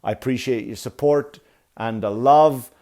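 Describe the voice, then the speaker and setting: A man hosts a solo comedy podcast with a voice of ordinary middle pitch. He rants in exasperated bursts, swearing freely and slipping into mocking voices for the people he quotes. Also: unhurried, dark tone. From Ireland. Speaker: podcast host.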